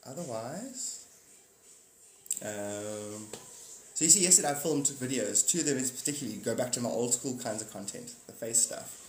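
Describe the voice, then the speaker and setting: A man's voice: medium pitch, lively intonation, normal speed. A man hosting a casual live stream, rambling and joking, swearing now and then and acting out silly voices. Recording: echoey room with faint noise.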